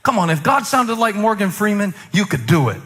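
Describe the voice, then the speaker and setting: A male pastor in his forties preaching a sermon, moving between loud preaching and quiet, low asides, confessional and self-mocking. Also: very animated, fairly quick, in a large hall, a little hiss or hum. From United States. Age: 40s.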